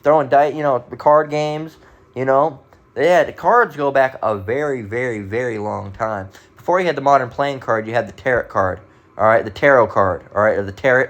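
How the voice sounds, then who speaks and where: A man's voice: mid-range voice, fairly bright tone. Man, casual bible lesson, emphatic, swears freely, keeps asking "all right?". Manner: reads scripture slowly, stressing words. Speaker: bible teacher.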